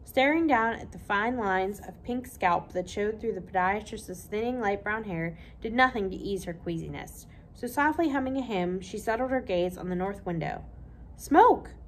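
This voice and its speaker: A woman, a children's librarian, reading a children's novel aloud with expressive storytelling. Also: medium pitch, moderate pace, few pauses, slight background noise.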